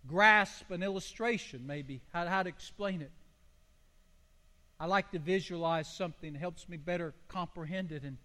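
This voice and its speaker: A man's voice: high voice, a bit bright. An older man, a pastor, preaching a sermon in a folksy, storytelling way with homely illustrations. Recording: long hall reverb.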